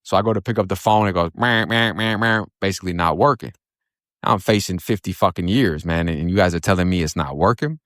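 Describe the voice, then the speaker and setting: A man from Florida with a very low voice tells his story in blunt, profane, streetwise talk. The sound is dry and close, with no room around it. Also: fast talker, dry recording. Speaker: storyteller recounting his own past. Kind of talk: casual spoken storytelling.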